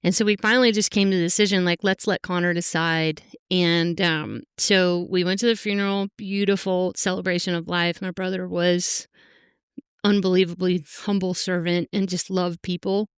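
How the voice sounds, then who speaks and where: A middle-aged woman sharing her own story on a podcast, earnest and halting, pausing often. Her voice is very smooth and clear. It sounds dry and close, with no room around it. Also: fairly low pitch, fairly even intonation, no room sound. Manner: heartfelt, halting, full of fillers. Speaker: podcast guest. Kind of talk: emotional personal interview.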